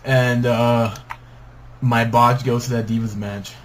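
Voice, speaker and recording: A man's voice: mid-range voice, little pitch movement, slow, slight background noise. A young man co-hosting a podcast, talking in a laid-back way, swearing and laughing often. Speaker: podcast co-host. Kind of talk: casual podcast banter.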